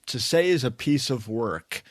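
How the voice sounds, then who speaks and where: Man in his fifties, podcast co-host, lively swinging pitch, dry close sound, animated storyteller. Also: unhurried, no echo. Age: 50s. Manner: animated storyteller, acts out quoted voices. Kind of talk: casual storytelling chat.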